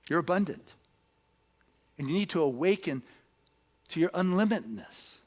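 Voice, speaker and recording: A male minister giving a sermon, earnest and conversational, moving into storytelling and often adding "you know". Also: sits high.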